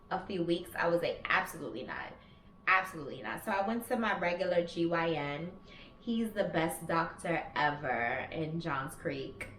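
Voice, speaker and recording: A woman's voice: on the low side, a little hiss or hum. A woman in her thirties telling a personal story in a candid, chatty way, swearing freely. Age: 30s. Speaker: vlogger. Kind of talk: casual storytelling. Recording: roomy echo with faint ambience.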